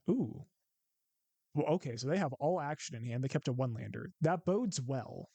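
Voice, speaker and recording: A man's voice: on the high side, a little mellow, no room sound. A man with a Midwestern accent casually commentating a card game, thinking aloud and counting out his plays. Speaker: gameplay commentator.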